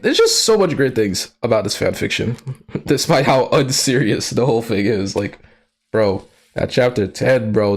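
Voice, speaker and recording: In a mid-range voice, a streamer gives casual live commentary that is slangy and profane. He laughs often and breaks into excitable outbursts.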